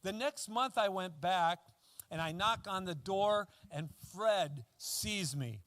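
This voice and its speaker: Male pastor, sermon, chatty storytelling, high voice, dry close sound. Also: lively intonation, takes it slowly, fairly bright tone, dry recording. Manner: conversational storytelling with many fillers and restarts.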